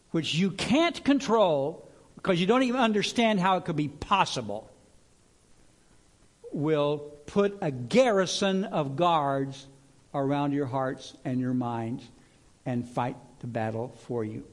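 A middle-aged male pastor preaching a sermon in a lively, conversational way, asking his congregation to repeat lines after him. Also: on the high side, takes it slowly.

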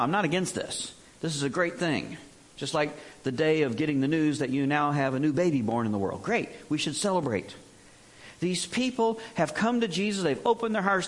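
A man preaching a sermon, telling stories in an animated way. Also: sits high. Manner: animated storytelling, acts out voices.

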